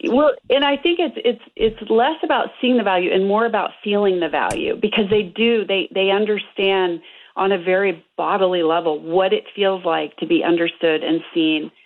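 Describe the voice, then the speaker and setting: Gravelly woman on a tinny phone line. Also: medium pitch, moderate pace. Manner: earnest, explanatory, many fillers. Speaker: couples therapist, guest. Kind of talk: radio interview by phone.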